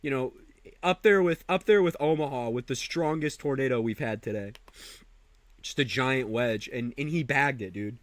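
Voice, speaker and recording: A man's voice: medium pitch, moderate pace, no echo. A man hosting live storm coverage, talking emotionally with heavy swearing and repeated phrases. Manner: emotional, profane, repeats himself. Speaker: live stream host.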